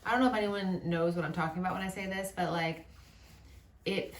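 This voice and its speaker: A woman's voice: fairly low pitch, steady tone, fairly quick, far from the mic. A woman co-hosting a travel vlog, chatting casually in a laid-back, wry way. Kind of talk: casual chat. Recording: roomy, from the mic, faint hiss.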